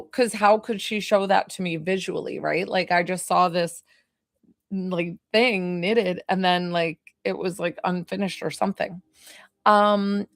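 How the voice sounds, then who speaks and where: A woman's voice: medium pitch, dry recording, clean studio sound. A woman doing a live psychic medium reading, rambling and hesitant with lots of fillers, sounding tired. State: tired, yawning.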